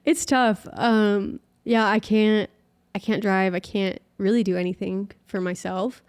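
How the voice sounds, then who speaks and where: A woman's voice: medium pitch, fairly even intonation, a little slow, darkish tone, smooth. A young woman, a podcast guest, chatting through a personal story and peppering it with "like". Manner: chatty, heavy use of filler "like".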